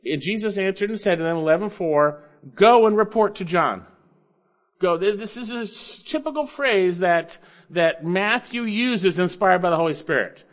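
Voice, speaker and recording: A man preaching an expository sermon, emphatic, coaxing listeners along with rhetorical questions and swinging between loud stresses and low asides. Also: animated, normal speed. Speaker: preacher teaching Bible grammar.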